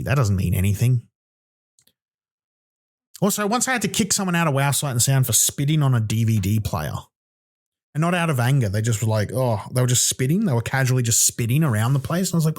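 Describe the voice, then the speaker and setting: A man's voice: mid-range voice, expressive, brisk, a little mellow. A young Australian man hosting a podcast, ranting in a loose comic monologue, swearing and acting out little voices as he goes. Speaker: podcast host.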